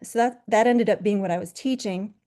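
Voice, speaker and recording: Woman, middle-aged, yoga teacher, candid, self-deprecating, halting storytelling. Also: medium pitch, mellow. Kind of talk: personal story told at a conference. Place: virtual conference.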